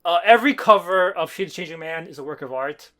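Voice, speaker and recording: Man, high voice, rapid delivery, casual podcast chat, excited rambling recap. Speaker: podcast co-host. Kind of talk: casual comic-book review chat.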